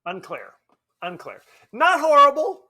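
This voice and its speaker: A man with a notably high, bright voice chats through a casual film review as podcast co-host. His pitch swoops widely as he jokes and pokes fun at himself, keeping things lively. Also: a little slow. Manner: animated, joking, self-deprecating.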